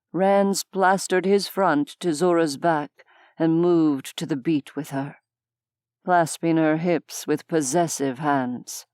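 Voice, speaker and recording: A woman narrating an audiobook in a measured, even storytelling manner. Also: deep voice, clear, resonant tone, no room sound, clean studio sound. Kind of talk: scripted narration.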